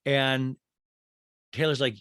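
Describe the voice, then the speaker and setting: A man hosting a podcast, retelling a reality show reunion in a rambling, animated way with lots of fillers and quick voices for the cast. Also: medium pitch, clear, resonant tone, no room sound, studio quality. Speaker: podcast host. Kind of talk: casual recap of a reality show.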